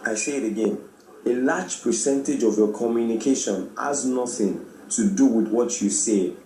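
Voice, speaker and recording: A man, presenting a radio talk on communication and acting out the greetings he quotes. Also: normal speed. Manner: animated, acts out quoted greetings with rising pitch. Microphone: studio microphone. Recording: echoey room, faint background noise.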